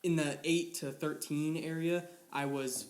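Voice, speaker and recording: A young man co-hosting a podcast in casual chat, playful and quick to laugh. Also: fairly high pitch, steady tone, darkish tone. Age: young adult. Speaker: podcast co-host. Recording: echoey room.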